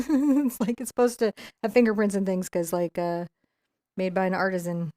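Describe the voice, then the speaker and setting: A middle-aged woman leads a live painting tutorial in a chatty, meandering way. Her voice is smooth and resonant, recorded close with no room sound. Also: mid-range voice, fairly quick, a little mellow, dry recording. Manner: chatty, laughs often, rambling asides. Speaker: painting instructor.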